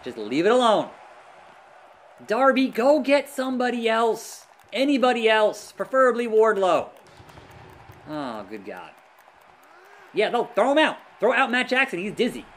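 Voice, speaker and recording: A man giving live gameplay commentary, excitable, groaning and yelling at the action. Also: very high voice, normal speed. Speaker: let's play gamer.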